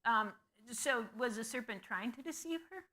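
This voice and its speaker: A woman teaching a Bible study in a conversational way, posing questions to the class and pausing with frequent ums. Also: on the high side, expressive, bright, forceful tone.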